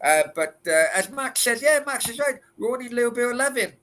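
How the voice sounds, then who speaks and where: A man's voice: extremely high pitch, expressive, a little fast, fairly bright tone. A man hosting a late-night Q and A, chatting casually in a rambling, crude way full of swearing and restarts. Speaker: livestream host answering chat.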